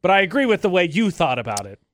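A man's voice: high-pitched, very animated, fast. A man co-hosting a morning radio show with wry, teasing banter. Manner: wry, teasing, mock-serious. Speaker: radio co-host.

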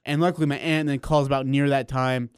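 A man's voice: medium pitch, little pitch movement, fast, clear, resonant tone, dry recording, clean studio sound. A man co-hosting a morning radio show, playfully telling prank stories in casual banter. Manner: playful, recounts pranks with acted quotes. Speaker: radio co-host. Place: radio studio. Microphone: studio microphone.

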